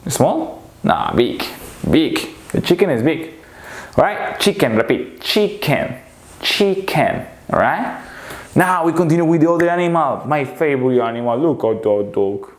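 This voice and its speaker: Slow, playful man teaching animal words. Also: on the high side, expressive, roomy sound. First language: Spanish. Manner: slow, repetitive, makes playful animal noises. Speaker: English teacher. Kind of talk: children's vocabulary lesson.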